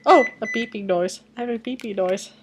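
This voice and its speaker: A woman's voice: on the high side, a little fast, background noise. Rambling woman reading fan fiction aloud. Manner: rambling, self-deprecating asides, some mumbling. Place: at her computer at home. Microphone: computer webcam microphone.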